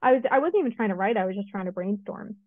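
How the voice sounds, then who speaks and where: A woman's voice: mid-range voice, racing, no room sound. Woman telling a story over a tinny line. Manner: storytelling, animated retelling with many asides. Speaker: podcast co-host. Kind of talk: casual chat. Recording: dry, phone-like narrow sound.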